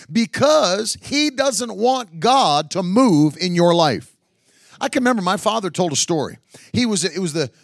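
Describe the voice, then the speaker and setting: High, gravelly-voiced preacher telling stories. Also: male voice, fairly bright tone, dry recording, studio quality. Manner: chatty storyteller, laughs often, builds to emphatic preaching. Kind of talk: sermon with humorous stories.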